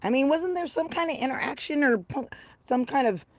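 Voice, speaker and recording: Fifty-something lady rambling on her livestream, crude and brash, kinda high voice, dry close sound. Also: fairly quick, no echo. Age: 50s. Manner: brash, profane and rambling, swings from low mutter to loud excitement. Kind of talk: casual livestream chat with viewers.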